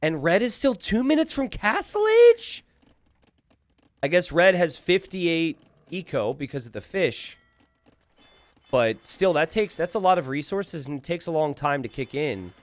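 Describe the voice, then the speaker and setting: A man casting a live strategy game, thinking aloud with animated asides to his viewers. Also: on the high side, measured pace, dry recording. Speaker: game caster.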